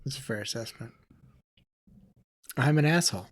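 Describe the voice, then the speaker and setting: A man's voice: mid-range voice, lively intonation, moderate pace. A man co-hosting a casual movie podcast, joking and mocking himself. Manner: joking, self-mocking banter. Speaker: podcast co-host.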